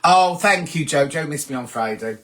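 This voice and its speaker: A man hosting a sewing livestream, chatting casually and reading out viewer comments with animated asides. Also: fairly high pitch, normal speed.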